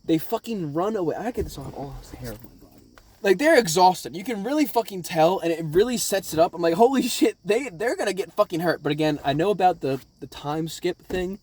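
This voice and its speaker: High-voiced man rambling excitedly. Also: a little fast. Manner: rambling, profanity-laden, excitable. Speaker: anime reaction vlogger. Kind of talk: casual episode recap.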